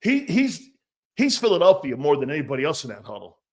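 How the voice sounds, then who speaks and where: A man hosting a casual sports talk show, blunt and animated, swearing freely. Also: on the high side, fairly quick.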